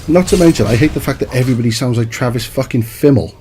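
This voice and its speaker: A man's voice: mid-range voice, fast talker, mellow, slight background noise. A man giving a profane, exasperated rant as a gaming commentator. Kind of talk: ranting game review.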